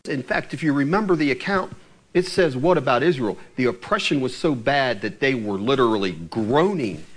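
This man's voice sits in the middle range and is expressive, at a moderate pace. His preaching takes a chatty Bible-teaching form: he works through verse by verse, asks the audience questions, and lets out an occasional chuckle.

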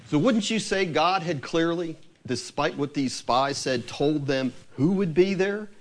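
A man's voice: fairly high pitch, a little slow, few pauses. A man preaching a sermon who reads scripture aloud and asks his listeners questions.

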